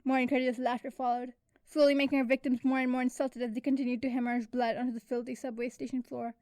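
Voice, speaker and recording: Young woman narrator, casual fanfic reading, slightly high, dry close mic. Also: little pitch movement, quick pace, warm tone, no room sound. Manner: casual storytelling with occasional slips. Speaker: fanfiction reader and writer. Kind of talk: reading her own fanfiction aloud.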